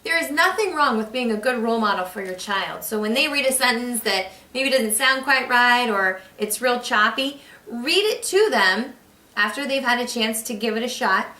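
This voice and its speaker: This reading teacher talks at normal speed in a fairly high, expressive voice that is bright and forceful, patiently guiding parents on reading with their child and encouraging them as she demonstrates. The echoey room is captured by a far-off mic.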